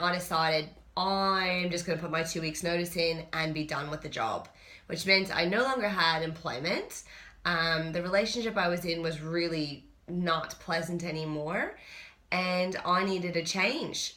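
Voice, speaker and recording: A woman's voice: fairly low pitch, bright, forceful tone. A woman, a personal trainer, telling a personal story in a chatty, candid vlog. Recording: roomy echo.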